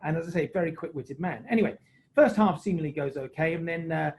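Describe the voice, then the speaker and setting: A man's voice: on the high side, fast, darkish tone, poor audio. A man, a former rugby referee, telling jokey, self-mocking anecdotes on a video call. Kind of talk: anecdotal storytelling on a webinar.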